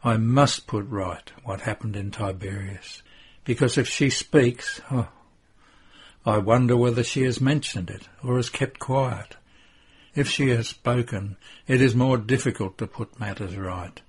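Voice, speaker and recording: A man's voice: mid-range voice, a little slow, slightly rough. A man reading a defiant, curt young man. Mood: scheming. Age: young adult. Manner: curt, defensive. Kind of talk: devotional story reading.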